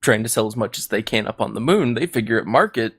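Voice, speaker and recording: A man narrating a comedic tabletop story as game master, halting and laughing at his own jokes. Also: medium pitch, expressive, breathy edge.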